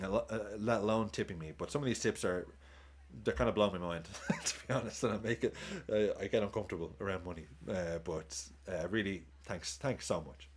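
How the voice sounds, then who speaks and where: A man's voice: on the low side, breathy edge. A man streaming a live football watchalong, chatting casually, swearing, cheering goals and thanking viewers for tips.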